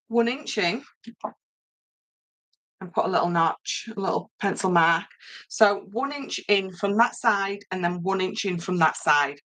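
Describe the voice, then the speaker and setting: A woman's voice: mid-range voice, a bit bright, poor audio. A woman hosting a live crafting tutorial in a chatty, rambling way, greeting viewers by name with lots of ums. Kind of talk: casual live craft demonstration.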